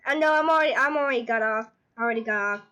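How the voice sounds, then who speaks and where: A woman chatting excitedly while playing an online game with friends, giggly and playful, shrieking when startled. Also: fairly high pitch, racing. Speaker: gamer recording gameplay with friends. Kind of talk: excited gameplay chat.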